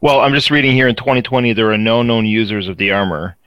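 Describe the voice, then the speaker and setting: A man's voice: lowish voice, fast talker, smooth, dry recording, highs cut off. A man on a podcast, hesitantly reading out facts with many fillers. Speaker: podcast co-host. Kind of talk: casual podcast chat.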